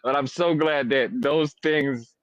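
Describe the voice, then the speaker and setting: A man's voice: on the high side, measured pace, dry recording, lo-fi sound. A man co-hosting a podcast in casual chat, rambling and profane, often searching for words. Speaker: podcast co-host.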